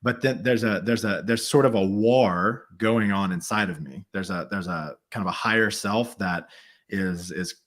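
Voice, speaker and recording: Reflective, halting male guest. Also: fairly low pitch, fairly bright tone. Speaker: podcast guest. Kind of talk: casual chat.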